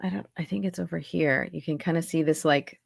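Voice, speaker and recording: A woman with a low, creaky voice speaks fairly quickly and with fairly even intonation, recorded cleanly in a home recording booth with no room sound. She's an accent and dialect coach and voice actor, chatting casually in an interview and explaining things with lots of asides.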